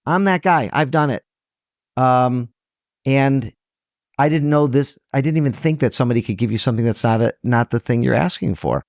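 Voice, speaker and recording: A man's voice: medium pitch, normal speed, vocal fry, a little mellow, no echo, studio quality. A middle-aged man, a trial lawyer, talking earnestly and emotionally as a podcast guest, often restarting his sentences. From Michigan, USA. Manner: earnest, emotional, many restarts and self-corrections. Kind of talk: conversational interview.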